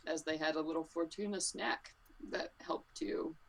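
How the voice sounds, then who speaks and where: A woman narrating as game master in a tabletop game, relaxed and full of fillers. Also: low voice, moderate pace, slight background noise.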